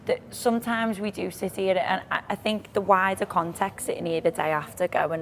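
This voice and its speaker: A woman with a Liverpool accent, co-hosting a podcast and talking about football in a lively, emphatic way. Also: on the low side, normal speed, few pauses, slight background noise. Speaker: podcast co-host. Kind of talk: casual football chat.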